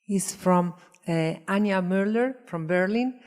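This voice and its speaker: A woman moderating a panel, reading out an online comment in a steady, plain way. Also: fairly low pitch, a little slow. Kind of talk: reading a written comment aloud.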